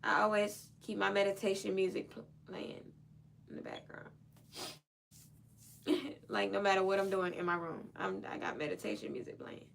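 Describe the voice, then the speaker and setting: A woman's voice: mid-range voice, lively intonation, moderate pace, vocal fry, long pauses, a bit bright. A woman hosting a podcast from her own room, telling a story casually to listeners and acting out both sides of phone calls with lots of animation. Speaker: podcast host.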